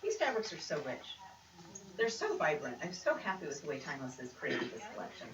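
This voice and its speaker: A woman's voice: deep voice, wildly swooping pitch, fairly quick. A woman presenting a quilting demonstration in a casual, chatty way with upbeat asides. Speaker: quilt pattern designer presenting. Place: creative center studio. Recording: roomy, distant, noisy room sound.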